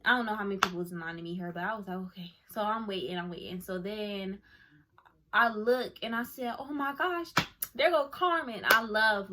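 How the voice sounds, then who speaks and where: A young woman gushing as she tells a casual story to her viewers, full of "like" and "oh my goodness". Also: mid-range voice. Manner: excitable, gushing, lots of fillers like "like" and "oh my goodness". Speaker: YouTuber telling a story. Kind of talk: casual story time to camera.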